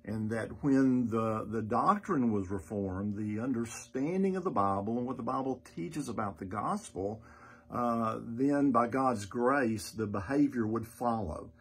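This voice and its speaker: A man teaching as the pastor on a church podcast, measured and earnest, with frequent "uh" fillers. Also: mid-range voice, animated, husky.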